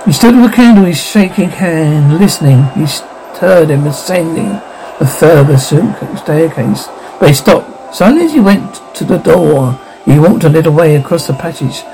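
A man reads a spooky tale aloud with a gravelly, fry-edged voice that sits a touch high for a man. His tone is dark and mellow, and he lightly voices the characters as he goes. A faint hum of room ambience sits underneath. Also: lively intonation, normal speed, rough recording. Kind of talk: audiobook narration of a ghost story.

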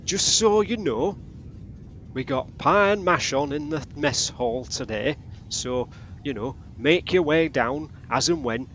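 A man's voice: a little high, expressive, takes it slowly, fairly bright tone, dull audio, slight background noise, pitched above the performer's own voice, heavily acted. A man doing a chirpy crewmate. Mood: cheery. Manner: cheery, homely announcing. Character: chirpy male crewmate posting mess-hall notices.

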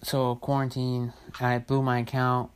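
A man's voice: medium pitch, completely flat delivery, a little slow, background noise. A man in his twenties telling a story in a casual vlog, rambling with lots of fillers and swearing freely. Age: 20s. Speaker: vlogger.

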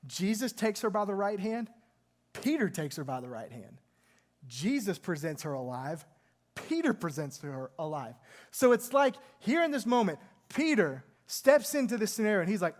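A man's voice: sits high, big pitch swings, moderate pace. A male pastor preaching a sermon, retelling a scripture story in an earnest, emphatic way.

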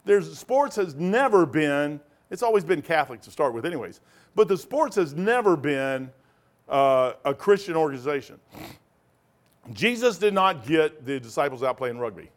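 A man teaching a Bible study in a rambling sermon style, animated, often laughing and digressing, with sudden loud bursts. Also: a little high, moderate pace.

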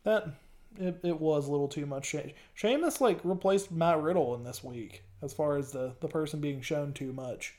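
A podcast host from the US South chats casually, rambling and hesitant with lots of ums. His voice is fairly high and a little mellow, at a moderate pace.

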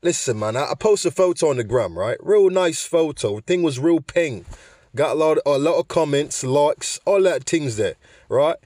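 A man's voice: fairly high pitch, expressive, moderate pace, darkish tone, no echo. A man voicing an angry young man in a comedy skit, exclaiming and tagging his lines with "man" and "mate". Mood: heated.

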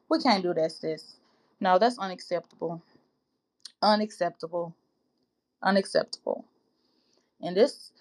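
A woman hosting a faith-based podcast, talking straight to her listeners like sisters. Her delivery is earnest and preacherly, full of casual colloquial phrasing and repeated exhortations. The voice sits at an ordinary middle pitch for a woman. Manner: informal colloquial speech, calls listeners sis and baby. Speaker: podcast host.

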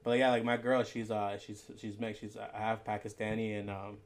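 A man's voice: fairly low pitch, level tone, normal speed, a little hiss or hum. A young man co-hosting a casual podcast, rambling with lots of fillers, swearing freely and teasing his friend. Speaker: podcast co-host. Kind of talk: casual chat.

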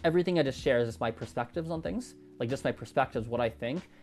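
Solo podcast host, male, mid-pitched, rambling and self-correcting, faint music under the voice. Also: fast talker, a little mellow. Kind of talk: improvised solo podcast talk.

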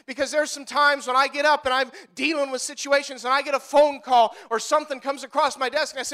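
A man's voice: extremely high pitch, level tone, quick pace, hardly any pauses, pushed and bright. A male pastor preaching a sermon to his congregation, driving his points home with emphatic repetition.

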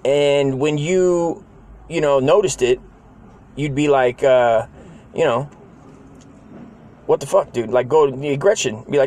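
A man in his forties telling a childhood story in casual, profanity-laden talk. He rambles, uses a lot of slang, and jumps up into higher voices when he quotes people. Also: lively intonation, normal speed, a little mellow.

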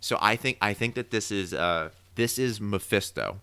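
A man co-hosting a podcast, casually recapping a TV episode with opinionated, animated theorizing. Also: on the low side, normal speed, clean tone, no room sound. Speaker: podcast co-host.

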